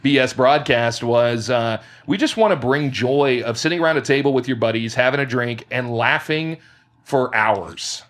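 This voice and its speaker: A man's voice: medium pitch, normal speed, a bit bright. A man co-hosting a casual podcast, joking and laughing often as he tells stories. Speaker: podcast co-host. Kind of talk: casual chat.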